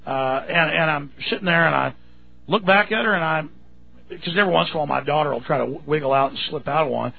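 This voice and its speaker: A man's voice: on the high side, fast, creaky. A man hosting a talk radio show, telling a story in a rambling, indignant way with many restarts. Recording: tinny phone-like radio sound.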